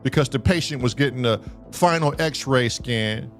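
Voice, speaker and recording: A man from Southern California telling a long story on a live show, animated and profane, acting out the dialogue. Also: mid-range voice, moderate pace, soft background music.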